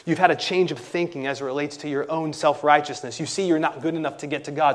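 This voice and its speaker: A man preaching an expository sermon, emphatic, slowing down and rising in pitch on key phrases. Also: fairly even intonation. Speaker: pastor.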